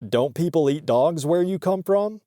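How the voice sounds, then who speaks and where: A man's voice: expressive, moderate pace, warm tone, no echo, studio quality, natural voice. A man doing a whiny young stoner dude. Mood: mocking. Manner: whiny, high-pitched protests.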